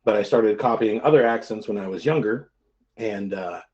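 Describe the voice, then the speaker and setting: A man with a light Texas accent and a lowish voice talks in a relaxed, rambling way, full of fillers and restarts. His audio comes through dull and lo-fi, like a video call on a stream. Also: normal speed. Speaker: streamer guest. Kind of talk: casual chat on a stream.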